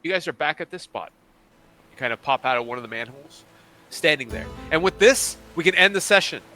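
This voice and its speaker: A man running a tabletop game as game master, narrating in a rambling, lively way and often restarting his phrases. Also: fairly high pitch, a little fast. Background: music.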